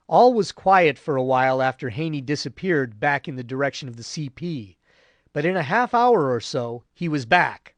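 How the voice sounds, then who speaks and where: A man narrating a war history audiobook in a measured, grave storytelling voice. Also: a little high, lively intonation, no room sound. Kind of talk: scripted narration.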